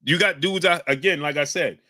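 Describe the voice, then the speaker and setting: A brisk man with a fairly high pitch is reading his stream's chat. He's combative, yelling out chat names and arguing hotly with viewers in heated live-stream talk.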